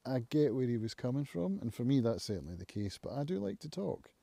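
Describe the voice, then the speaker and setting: A man hosting his own live stream from home, thinking aloud in a reflective, musing way with frequent pauses. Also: mid-range voice, sing-song, vocal fry, dark tone, no echo. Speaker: channel host, recovering alcoholic. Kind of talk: casual live-stream monologue.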